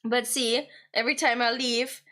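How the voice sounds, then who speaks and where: A woman's voice: on the high side, steady tone, moderate pace, pushed and bright. A young woman, chatting casually and playfully with her stream viewers and giggling often. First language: German.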